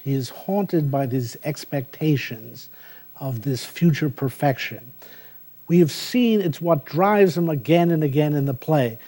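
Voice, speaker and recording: A man giving a university lecture as a professor, speaking thoughtfully with frequent "uh" pauses. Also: on the high side, dark tone. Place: lecture hall.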